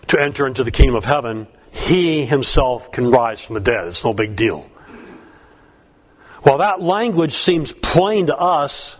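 Male pastor, mid-pitched voice, relaxed folksy sermon delivery. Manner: conversational, folksy asides. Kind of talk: sermon with Bible reading.

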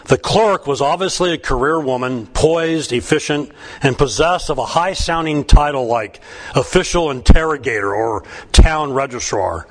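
A man reading a humorous first-person story aloud, wry and even. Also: medium pitch, normal speed. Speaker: narrator.

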